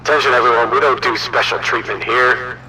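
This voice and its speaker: Dude playing announcer calling for attention, loud and formal, noisy bg. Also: male voice, mid-range voice, steady tone, fairly quick, voice pushed up, natural voice. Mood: announcing.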